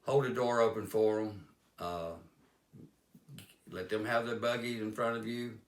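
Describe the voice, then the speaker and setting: In a roomy, echoing space, a man shares folksy stories about kindness, speaking plainly and rambling as he passes on life lessons. His voice is lowish, steady in tone, and measured in pace.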